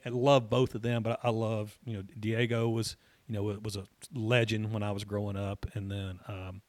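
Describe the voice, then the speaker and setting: A middle-aged man, a college soccer coach, telling stories in a relaxed interview and often repeating words as he goes. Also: medium pitch, no room sound. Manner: rambling, repeats words, laughs easily. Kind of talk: casual interview talk.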